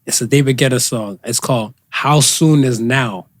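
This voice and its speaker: A man's voice: mid-range voice, normal speed. A man co-hosting a casual podcast, telling stories in a laid-back, joking manner. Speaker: podcast co-host.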